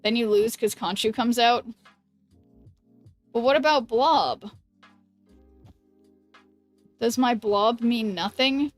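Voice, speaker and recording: A woman streaming a card game, thinking aloud in halting restarts and chatting with her viewers. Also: on the high side, soft background music. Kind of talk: casual live-stream commentary.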